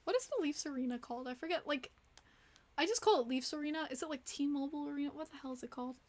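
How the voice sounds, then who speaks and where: Woman streamer, high bright-pitched voice, chatty and reactive, casual livestream host. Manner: chatty, reacts to viewer chat with quick exclamations.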